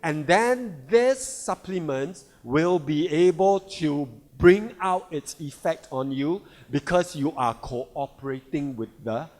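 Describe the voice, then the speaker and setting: A man's voice: on the high side, darkish tone. A man giving a sales seminar talk on a product, often asking the audience "right?" and "all right?". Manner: slow, repeats "all right" and rhetorical questions. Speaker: product presenter.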